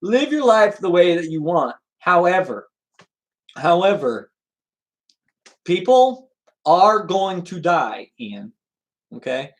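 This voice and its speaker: A man's voice: high voice, very animated, slow pace, long pauses, poor audio. A man hosting a livestream in an earnest, lecturing way, reading viewer comments and answering them by name. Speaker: livestream host.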